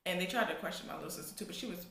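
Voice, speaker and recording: A woman's voice: fairly low pitch, racing, roomy sound, background noise. A young woman in a casual storytime vlog, rambling with lots of restarts and filler words. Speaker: vlogger.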